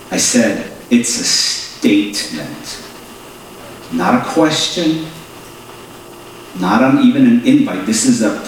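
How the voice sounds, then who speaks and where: A man's voice: lowish voice, slight background noise. A man preaching as a pastor, emphatic and repeating his key phrases, reading scripture and praying. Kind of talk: sermon with scripture reading and prayer. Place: church sanctuary. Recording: echoey church hall from far off.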